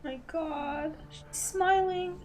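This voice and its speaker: A woman's voice: very high-pitched, fairly even intonation, drawn-out words, a little mellow, faint music behind. A woman hosting a reaction video, talking bluntly to the screen with frequent exclamations and swearing. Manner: blunt, swears freely, talks straight to the screen; emotional, exclaims and gasps often. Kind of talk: casual reaction commentary.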